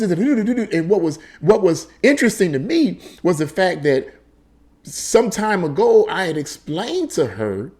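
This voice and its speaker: A man hosting a casual political commentary monologue, emphatic and conversational, repeating his points as he tells a story. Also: on the high side. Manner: animated storytelling with frequent repetition. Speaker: political commentary channel host.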